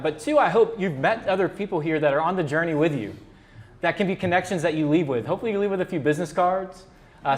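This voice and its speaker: A man hosting a luncheon, earnestly introducing the guest speaker with occasional fillers. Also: a little high. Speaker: event host. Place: luncheon event room.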